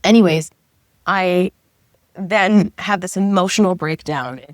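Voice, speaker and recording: A woman's voice: fairly low pitch, slow, no echo, studio quality. A middle-aged woman, a guest, telling a personal story in a casual, chatty way, often saying 'like' and voicing her own past thoughts aloud.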